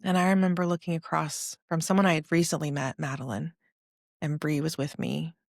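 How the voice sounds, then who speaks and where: Low-voiced woman telling her own story. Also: fairly even intonation, fairly quick, vocal fry, no room sound, clean studio sound. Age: about 40. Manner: earnest, emotional, confessional. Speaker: podcast host. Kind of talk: personal testimony storytelling.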